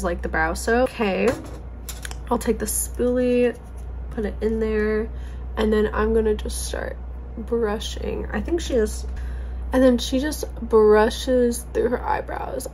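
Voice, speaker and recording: A young woman chatting through a makeup tutorial, self-deprecating and giggly, a little hoarse. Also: mid-range voice, slight background noise. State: slightly hoarse from allergies. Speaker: beauty vlogger. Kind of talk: casual makeup tutorial chat.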